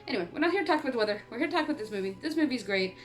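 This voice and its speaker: Giggly canadian woman rambling about a horror movie, kinda high voice, hiccups, quiet music underneath. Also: expressive, rapid-fire. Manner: chatty, giggly, rambling with frequent laughs. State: has the hiccups. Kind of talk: casual movie review vlog. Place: home on an island in eastern Canada.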